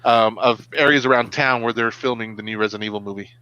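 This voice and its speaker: A man's voice: mid-range voice, fast talker, sharp tone, smooth, dry recording, muffled recording. A middle-aged man co-hosting a live web show, chatting casually and acting out what his kids say. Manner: storytelling, acts out quotes from his kids. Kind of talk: casual live-stream chat.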